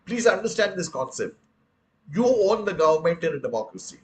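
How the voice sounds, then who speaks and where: Older Indian-accented man, fairly high-pitched for a male, earnest lecturer who speaks to the audience as friends. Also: big pitch swings, fairly quick, poor audio. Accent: Indian English. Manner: earnest, rhetorical, addresses listeners as friends. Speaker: guest speaker. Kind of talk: public lecture.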